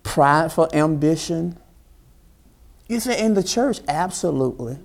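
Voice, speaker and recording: A man's voice: unhurried, vocal fry. A man preaching a sermon, retelling a story with dramatic voices for its characters and questioning his congregation directly. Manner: preaching with dramatic character voices, rising to high excited pitch. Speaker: pastor.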